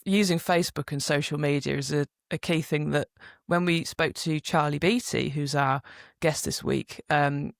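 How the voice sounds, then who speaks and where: Young woman co-host, casual chat, lively storyteller, a little gravelly, dry close sound. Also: low-pitched, no echo. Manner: lively storytelling, acts out quotes. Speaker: podcast co-host.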